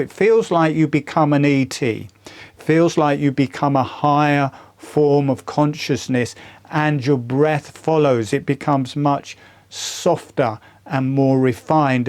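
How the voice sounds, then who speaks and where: An older man teaching a breathing method, talking slowly and earnestly and praising his own practice with conviction. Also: medium pitch, darkish tone. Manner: slow, earnest, evangelical about his method. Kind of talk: unscripted teaching talk with demonstration.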